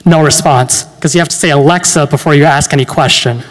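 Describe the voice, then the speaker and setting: Young male stand-up, late teens, slightly high voice, deadpan, live in a reverberant hall. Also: brisk, hardly any pauses. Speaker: stand-up comedian. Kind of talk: stand-up comedy set. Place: university event hall.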